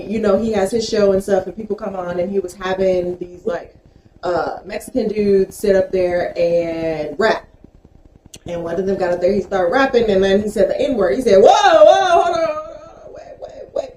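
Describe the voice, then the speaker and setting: A woman co-host talking in a blunt, profane rant with a mellow, relaxed tone. Her voice rings in a roomy space, with a faint noise underneath. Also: medium pitch. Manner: blunt, profane ranting with laughs. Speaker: podcast co-host. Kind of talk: casual chat.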